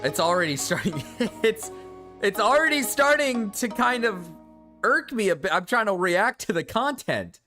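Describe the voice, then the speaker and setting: A young man streaming live and reacting to videos, excitable and giggly, swearing freely. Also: high-pitched, normal speed, faint music behind.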